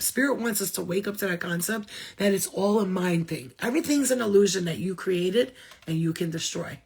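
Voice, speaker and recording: A woman's voice: medium pitch, fairly quick, darkish tone, slightly rough. A woman who works as a spiritual healer, giving an impassioned, blunt talk to viewers, swearing freely and repeating phrases for emphasis.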